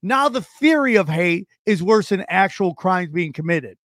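A man's voice: high-pitched, lively intonation, measured pace, a bit bright, no echo, clean studio sound. A man ranting profanely in casual podcast chat, stumbling and restarting his sentences.

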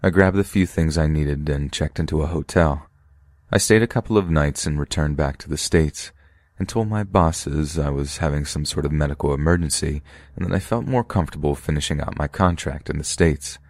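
A man with an extremely deep voice reads true horror stories in a steady, measured narration. The sound is dry and close, with no room around it. He keeps an even, deliberate storytelling pace throughout. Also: no echo. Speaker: podcast narrator. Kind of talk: scripted narration of scary stories.

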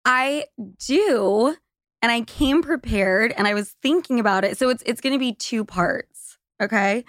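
A woman's voice: a little high, measured pace, fairly bright tone, dry recording, studio quality. A woman who is a podcast guest, chatty and laughing her way through a story in casual conversation. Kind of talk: casual chat.

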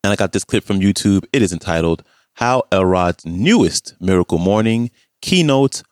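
Deep-voiced man reading a show outro. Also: animated, moderate pace, no room sound, studio quality. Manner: reads out links and book titles. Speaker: podcast host. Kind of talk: scripted outro.

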